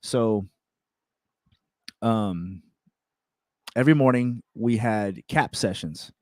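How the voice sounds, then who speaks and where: A young man hosting a self-improvement show, telling a personal story in a candid, repetitive, animated way. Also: lowish voice, slow, no echo, clean studio sound. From California. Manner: candid, repeats words, animated retelling with laughs. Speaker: self-improvement podcast host.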